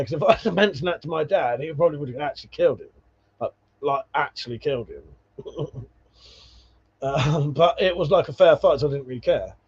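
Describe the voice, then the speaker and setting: A man's voice: on the high side, husky. A man hosting a casual livestream, chatting with viewers and telling rambling stories full of swearing and laughs. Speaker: livestream host. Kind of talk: casual livestream chat reading viewer comments. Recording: dull lo-fi stream audio.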